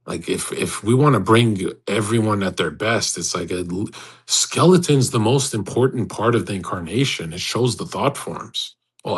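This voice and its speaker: A man's voice: lowish voice, husky, low-quality recording. A man hosting an online audio room, talking in a boastful, provocative and preachy way with lots of restarts. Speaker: host of a live audio chat room. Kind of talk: casual rambling monologue.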